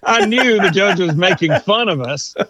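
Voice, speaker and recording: Chuckling lawyer telling courtroom stories. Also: male voice, high voice, moderate pace, dry recording. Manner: animated storyteller, chuckles through anecdotes. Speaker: lawyer and author. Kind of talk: storytelling interview. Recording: dull, dry sound.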